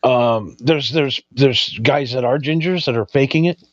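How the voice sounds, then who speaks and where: A man's voice: medium pitch, unhurried, dry recording, lo-fi sound. A man co-hosting a casual chat, joking crudely and drifting into tangents. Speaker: podcast co-host.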